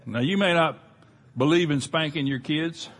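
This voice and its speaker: A man's voice: fairly high pitch, normal speed, a bit bright. A middle-aged man preaching a sermon as a pastor, plain-spoken and emphatic, often restarting his sentences.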